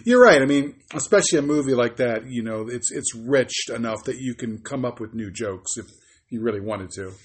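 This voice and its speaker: A man's voice: mid-range voice, fairly quick, slightly rough. A man co-hosting a podcast, joking in easygoing casual banter. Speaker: podcast co-host. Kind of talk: casual chat.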